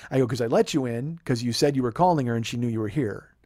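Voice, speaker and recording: A man's voice: mid-range voice, fast, mellow, no room sound, clean studio sound. Profane man telling a heated story. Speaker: comedian host.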